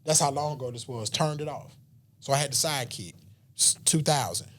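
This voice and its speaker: As a podcast guest, a man tells a personal story in a casual chat, earnest and emotional, at times dropping almost to a whisper. He speaks fairly quickly in a medium pitch with a slightly bright tone.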